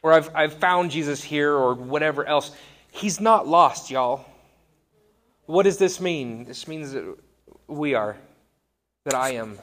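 A man's voice: mid-range voice, expressive, slow, long pauses, a bit bright. A man in his thirties giving a conversational sermon, wry and self-deprecating. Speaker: pastor.

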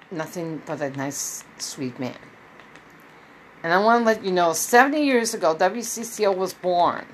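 A woman's voice: lowish voice, a bit bright, slight background noise, rough recording. A woman telling her viewers a long personal story in a casual, rambling way, with many restarts and quoted dialogue. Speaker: vlogger.

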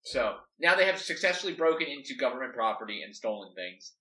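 Speaking fast with big pitch swings, a man's mid-range voice sounds pushed and bright. He rambles casually through a story plan, leaning on "like" to fill the gaps, and the mic is far off in an echoey room.

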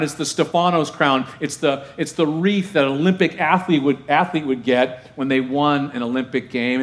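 A middle-aged male pastor preaching a sermon in a conversational way, often asking the congregation questions. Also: a little high.

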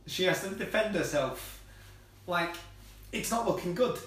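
A man's voice: high-pitched, expressive, a little slow, fairly bright tone. A man hosts a casual movie chat, swearing, laughing and ranting. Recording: roomy, far from the mic.

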